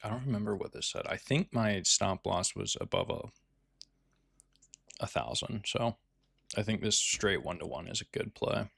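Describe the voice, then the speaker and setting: Brief: low, gravelly man, laid-back day trader talking through his trades, swears freely. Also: expressive, moderate pace, pauses often, fairly bright tone, dry recording, studio quality. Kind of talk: casual live trading commentary.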